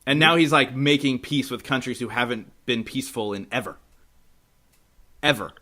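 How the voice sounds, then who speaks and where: A man's voice: mid-range voice, moderate pace, bright, forceful tone. A man hosting a podcast interview, chatting casually and eagerly, laughing often and using slang. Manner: enthusiastic, laughs often, says dude and legit. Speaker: podcast host.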